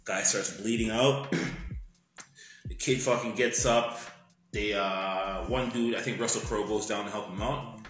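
A man's voice: on the low side, unhurried, faint music behind. A man on a podcast casually retelling a film plot, swearing freely and acting out sound effects. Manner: animated, profane movie retelling with sound effects. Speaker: podcast co-host. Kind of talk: casual storytelling chat. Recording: echoey room.

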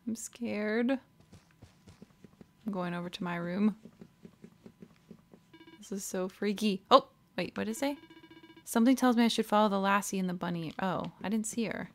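A woman's voice: medium pitch, normal speed, pauses often, a little hiss or hum. A woman with an Australian accent commentating a video game, reacting emotionally with frequent exclamations and reading the on-screen text aloud. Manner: emotional, exclaiming, laughs often. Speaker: let's play host. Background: game music.

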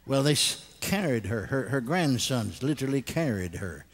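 An older man preaching a sermon, telling stories animatedly and bursting into loud acted laughter. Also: medium pitch, animated, moderate pace.

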